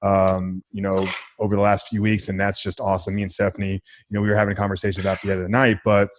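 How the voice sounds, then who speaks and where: A man hosting a podcast, reflecting on a guest's story in a measured, supportive way. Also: low-pitched, little pitch movement, a little hiss or hum. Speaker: podcast host. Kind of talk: casual interview conversation.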